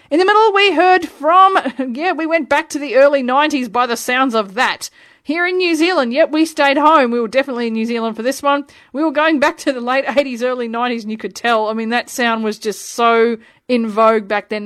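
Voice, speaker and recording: A woman's voice: on the high side, a bit bright, no room sound, clean studio sound. A woman in her forties, from Australia, hosting her own radio music show from a room at home in a chatty, playful, self-deprecating way. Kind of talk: casual radio presenting.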